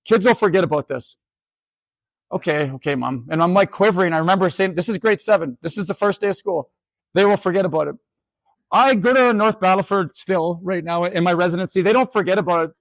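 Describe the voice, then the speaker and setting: A man in his forties from Canada, giving a humorous storytelling talk as a keynote speaker, animated and self-mocking with quick asides. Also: high voice, no echo. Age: 40s.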